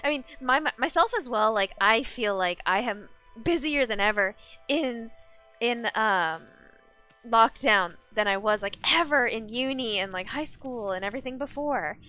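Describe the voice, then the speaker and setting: A woman's voice: on the high side, expressive, moderate pace, pushed and bright, soft background music. A young woman chatting casually on a live gaming stream, rambling, ranting now and then and reading chat aloud.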